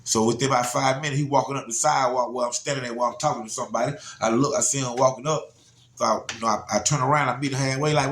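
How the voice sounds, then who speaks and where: A man, from Georgia, telling a personal story in a casual, animated way, often asking "you know what I'm saying". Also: mid-range voice, rapid-fire, a little hiss or hum. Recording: roomy echo.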